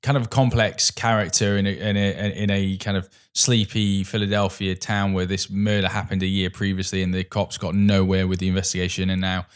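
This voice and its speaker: Rambling man, low voice. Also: flat delivery, a little fast, hardly any pauses, clean tone. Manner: rambling, many restarts and fillers. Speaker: podcast co-host. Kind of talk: casual film chat.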